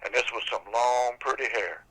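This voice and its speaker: A man's voice: mid-range voice, normal speed, a bit bright, rough recording. An older man telling a folk tale on a podcast in a folksy, casual way. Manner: folksy, casual, drawling storytelling. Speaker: storyteller.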